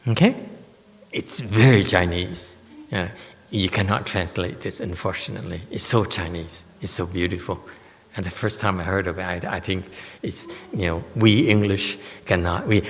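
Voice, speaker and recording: A man's voice: sits low, moderate pace. A man, a Buddhist master giving a Dharma lecture on a sutra, teasing and quizzing his audience with emphatic questions. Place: temple lecture hall. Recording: reverberant hall.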